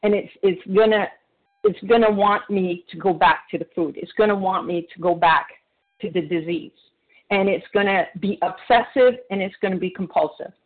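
A man sharing earnestly at a recovery meeting by phone, halting often with restarts and fillers. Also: high-pitched. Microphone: phone call. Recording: phone-line audio.

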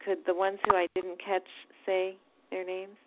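A woman chairing a group meeting, briskly checking who wants to speak next. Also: lowish voice, completely flat delivery. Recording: phone-like line.

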